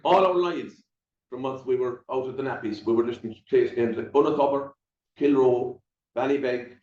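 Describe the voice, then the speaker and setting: A man's voice: mid-range voice, moderate pace, darkish tone. An older Irish man, a retired teacher, telling local stories in a wry, rambling, casual way. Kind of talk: casual storytelling talk. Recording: echoey room, distant dull mic.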